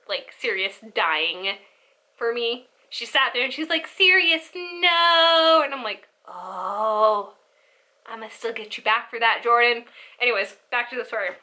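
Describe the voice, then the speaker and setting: A young woman telling a family story in a casual, animated way, acting out the voices of her relatives. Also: a little high. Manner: animated, acts out family members' lines. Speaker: storyteller vlogger.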